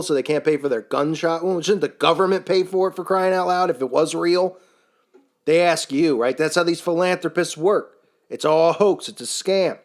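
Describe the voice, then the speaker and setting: A man delivering a scornful, sarcastic commentary rant, full of rhetorical questions. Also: fairly high pitch. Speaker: commentary channel host. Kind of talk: ranting monologue commentary.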